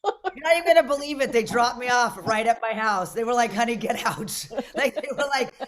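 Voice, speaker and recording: A middle-aged woman from Las Vegas hosting a comedy show, doing brash, rambling stand-up that often bursts out loud. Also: a little high, a little fast.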